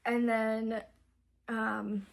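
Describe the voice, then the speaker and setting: A young woman casually recapping a book's plot. She rambles excitedly, filling her talk with "like" and cutting herself off. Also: fairly high pitch, drawn-out words, creaky. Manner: rambling, fills speech with "like"; self-interrupting, excitable. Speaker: book reviewer.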